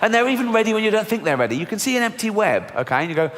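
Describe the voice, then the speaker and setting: A man in his fifties with an English accent, performing a stand-up set in a dry, deadpan and crude manner. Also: high-pitched, racing. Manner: deadpan, dark and crude, acts out characters. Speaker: stand-up comedian. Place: theatre stage. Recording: reverberant hall, faint ambience.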